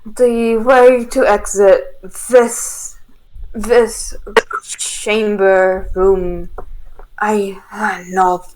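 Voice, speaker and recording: A woman's voice: mid-range voice, flat delivery, extremely slow, noisy background. A woman running a tabletop game as dungeon master, rambling and giggling as she narrates.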